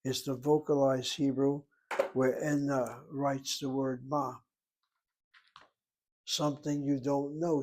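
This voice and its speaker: With a medium-pitched voice, a man teaches Hebrew in an easygoing lecture style, patiently explaining terms and asking rhetorical questions along the way.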